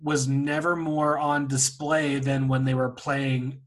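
A man co-hosting a podcast, chatting casually and animatedly about a reality show and mimicking people he talks about. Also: slow pace. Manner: animated, mimics people in high squeaky voices. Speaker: podcast co-host.

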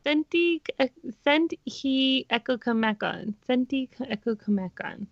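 A woman chatting casually in a party word game, slowly repeating a puzzle phrase. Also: high-pitched, expressive, gravelly, no room sound, highs cut off. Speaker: game player. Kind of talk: casual chat.

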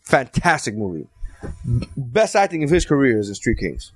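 A man's voice: medium pitch, very animated, moderate pace, breathy edge, dry recording, studio quality. A man co-hosting a casual podcast chat about films, blunt and opinionated, swearing freely. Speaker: podcast co-host.

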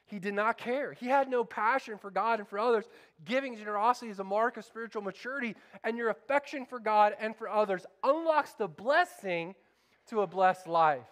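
A man's voice: high voice, fairly bright tone. A man preaching a sermon as pastor, fervent and calling out to his congregation for responses.

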